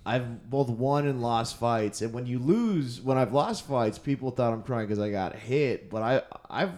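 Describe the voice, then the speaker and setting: A man's voice: medium pitch, unhurried, darkish tone. A male comedian in casual conversation, talking candidly and restarting his sentences often. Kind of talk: casual podcast chat.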